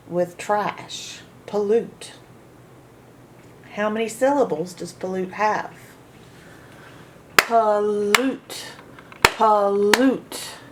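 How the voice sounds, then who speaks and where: Slow, deliberate woman teaching phonics. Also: medium pitch, a little mellow, slight background noise. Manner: slow, deliberate, repeats words for practice. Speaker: reading teacher. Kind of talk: phonics lesson.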